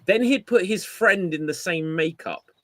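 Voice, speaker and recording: A man co-hosting a casual podcast chat, telling an animated story and acting out quotes. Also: high-pitched, measured pace, no room sound. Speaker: podcast co-host.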